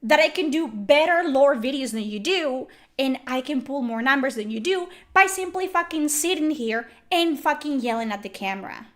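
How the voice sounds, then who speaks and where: A young woman ranting furiously and profanely to camera, yelling at her critics. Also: high voice, lively intonation, normal speed, hardly any pauses. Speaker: YouTuber. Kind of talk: angry rant to camera.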